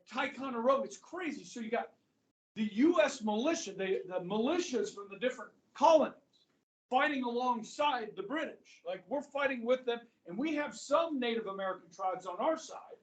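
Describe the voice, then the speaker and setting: A middle-aged male history teacher with an extremely high-pitched voice lectures his class in a chatty way, often checking in with his students. He is recorded from a distance in an echoey classroom.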